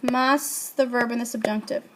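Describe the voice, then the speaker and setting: A woman's voice: a little high, fairly even intonation, moderate pace, noisy background. A woman teaching a Spanish grammar lesson, asking her class questions and answering them herself.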